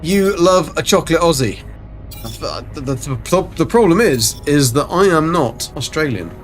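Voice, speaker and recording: A man's voice: fairly high pitch, expressive, measured pace, soft background music. A man chatting casually and rambling through a live game stream. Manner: chatty, rambling, self-mocking.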